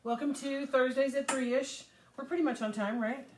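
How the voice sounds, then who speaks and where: Middle-aged woman, live-stream host, chatty and rambling, slightly hoarse, faint noise behind her. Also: sits high, fairly even intonation, normal speed. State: recovering from covid, slightly hoarse. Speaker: host of a live paint demo. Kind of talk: casual live-stream chat.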